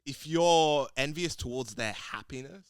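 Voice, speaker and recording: A man's voice: medium pitch, unhurried, clear, resonant tone, no echo, studio quality. A young man co-hosting a podcast, reflective and explaining ideas with examples. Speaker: podcast co-host. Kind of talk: casual chat.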